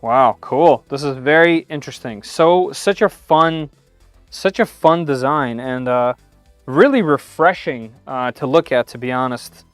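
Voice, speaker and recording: A man's voice: medium pitch, measured pace, no echo, faint music behind. A man giving live-stream commentary while unboxing a machine in his home workshop, thinking aloud with frequent "uh"s and small restarts.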